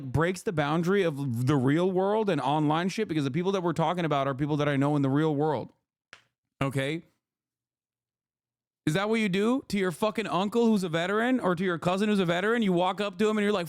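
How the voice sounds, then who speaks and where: A man's voice: high-pitched, fairly quick, no echo, studio quality. A man hosting a livestream, ranting at his chat in an exasperated, profane way and repeating phrases for emphasis. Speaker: livestream host. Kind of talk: heated unscripted rant to chat.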